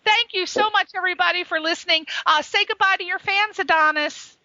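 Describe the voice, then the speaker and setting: A woman's voice: extremely high pitch, fairly quick, pushed and bright, dry recording. A woman hosting a radio interview show, bubbly, flirty and teasing with her guest. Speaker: radio talk show host. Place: radio studio. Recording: slightly muffled radio audio.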